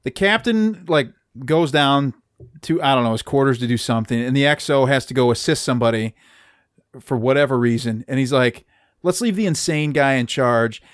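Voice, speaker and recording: A man in casual chat about a film, animated and incredulous, quoting characters in high bursts. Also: brisk, clear, resonant tone. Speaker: podcast co-host.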